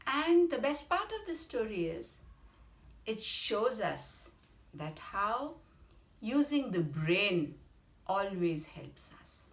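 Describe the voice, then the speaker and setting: A woman with an Indian English accent narrating a bedtime story for children. She talks very slowly, with a lively, swooping pitch, and stops to explain words along the way. Her voice has a roomy echo.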